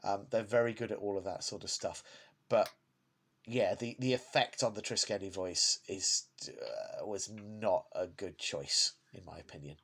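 Halting, word-repeating man in casual chat. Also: fairly low pitch, vocal fry, fairly bright tone. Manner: hesitant, stumbles and repeats words, laughs easily. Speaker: podcast co-host.

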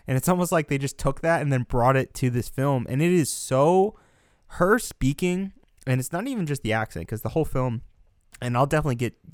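A young American man co-hosting a casual film discussion, animated and ranting, swearing and laughing often. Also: mid-range voice, smooth, no room sound, studio quality. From United States. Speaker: podcast co-host.

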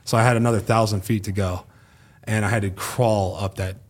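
A man's voice: on the low side, a little fast. A man in his thirties, a former pro football player and a podcast guest, telling stories in casual chat, acting out what people said and swearing freely. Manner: animated storyteller who acts out quoted speech, swears casually.

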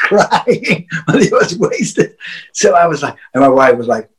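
A man's voice: fairly high pitch, big pitch swings, unhurried, poor audio. A man, a wrestler, telling a casual story with frequent chuckles, profanity and restarted words. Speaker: wrestler guest.

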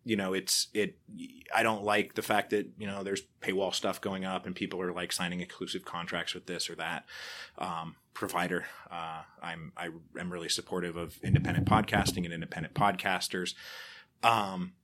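Deep bright-toned man, animated storyteller. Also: normal speed. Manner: animated storyteller, acts out quoted people, frequent restarts. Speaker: podcaster and author, interview guest. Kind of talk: casual interview conversation.

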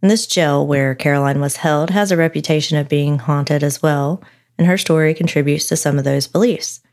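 A woman's voice: low voice, normal speed, darkish tone. A woman co-hosting a podcast, telling a story and bantering in casual chat. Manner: chatty, narrating then bantering. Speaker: podcast co-host.

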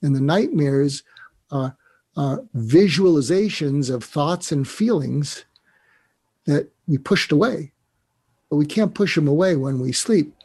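This man's voice sits on the high side, animated yet measured in pace, a little mellow and husky. He's a psychiatrist guest on an interview show, explaining ideas earnestly and reflectively, one step at a time. He grows emotional when he recalls a mentor.

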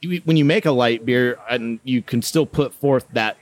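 Man, brewer, casual chat, explains at length, mid-pitched voice, keeps checking in with "right?". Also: moderate pace. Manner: explains in detail, ends points with "right?".

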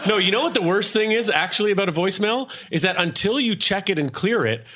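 Jokey panelist man, lively voice. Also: sits high, noisy background. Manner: quick, jokey riffing. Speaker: comedy panelist. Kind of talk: improvised comedy banter.

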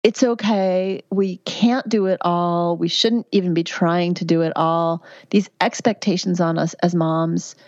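A woman's voice: fairly low pitch, steady tone, measured pace, few pauses, no room sound, muffled recording. A woman in her fifties, a midwife guest on a podcast, talking candidly and chattily about motherhood and health. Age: 50s. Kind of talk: conversational interview answers.

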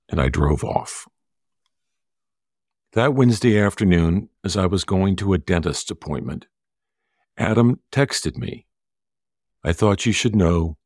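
A middle-aged man telling a personal story in a slow, measured, earnest way. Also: low-pitched, dry recording, clean studio sound. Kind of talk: personal story told to an audience.

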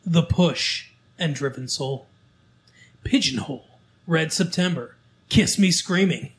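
A man hosting a local show, reading from a newspaper in casual chat, halting with fillers and restarts as he goes. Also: fairly high pitch.

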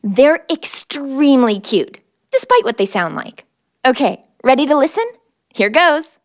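A woman's voice: high-pitched, very animated, measured pace. A woman hosting a children's wildlife show, presenting in a bubbly, playful way with comic asides. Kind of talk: playful scripted presenting for kids.

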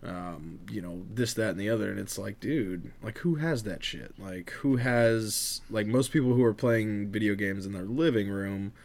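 A man's voice: lowish voice, normal speed, creaky, hardly any pauses, darkish tone. Laid-back swearing man rambling. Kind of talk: casual podcast chat.

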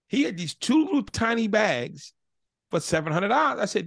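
A man who is the guest on an interview podcast, telling stories in a casual, animated way and acting out both sides of each dialogue. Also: sits high, a little fast, gravelly, no echo, studio quality. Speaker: guest, motivational speaker.

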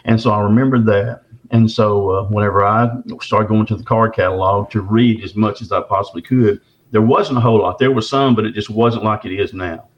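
A man's voice: lowish voice, steady tone. A man, telling a long story as an interview guest in a folksy, rambling way. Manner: drawn-out, folksy, frequent restarts. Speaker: interview guest recounting an encounter. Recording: dull lo-fi recording.

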